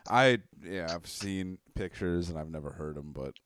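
A man's voice: deep voice, moderate pace, a bit bright, dry recording. A man in casual chat, laid-back and profane, often trailing off mid-thought.

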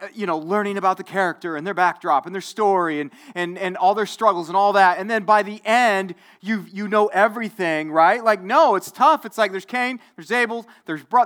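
A man's voice: sits high, pushed and bright. A man in his forties, a pastor giving a conversational sermon, often repeating himself and checking in with his listeners. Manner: conversational, repetitive, asks the audience.

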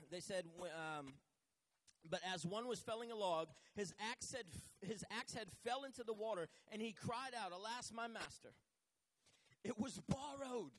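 A man's voice: high voice, normal speed. A man preaching a sermon in church, retelling a Bible story with casual asides and acted-out voices. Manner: animated storytelling, acts out biblical figures in casual voices. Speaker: pastor.

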